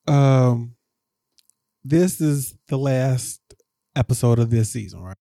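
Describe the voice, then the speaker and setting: A man co-hosting a podcast, rambling through a casual recap and jumping up in pitch when he gets exasperated. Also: slow, long pauses, warm tone, no echo, studio quality. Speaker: podcast co-host.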